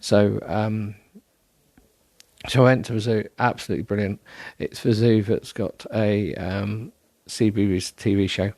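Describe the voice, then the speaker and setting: A man's voice: fairly low pitch, fairly even intonation, unhurried, darkish tone, no echo. A man hosting a solo podcast, rambling in a self-deprecating way with many ums and restarts, sounding tired. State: tired, yawning. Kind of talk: rambling casual monologue.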